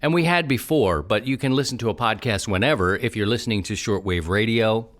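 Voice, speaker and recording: A man's voice: lowish voice, fairly quick. A man with a Baltimore accent hosting a podcast in casual, rambling solo talk, joking and drifting off topic. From Baltimore, Maryland. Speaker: podcast host.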